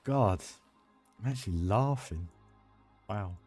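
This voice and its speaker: A man's voice: on the low side, expressive, slow, a little mellow, soft background music. A British man live-streaming a building game, chatting enthusiastically and rambling with restarts. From United Kingdom. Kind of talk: casual live-stream chat while building.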